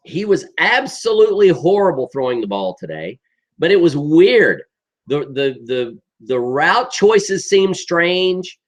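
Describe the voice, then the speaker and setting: A middle-aged man giving an exasperated, emphatic football rant, often tagging sentences with "okay?". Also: medium pitch. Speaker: sports commentator.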